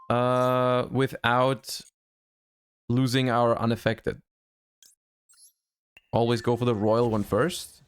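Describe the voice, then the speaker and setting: A man streaming a card game live, thinking his plays through out loud, with sudden excited outbursts. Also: medium pitch, slow, long pauses, clear, resonant tone, dry recording. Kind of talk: live-stream gameplay commentary.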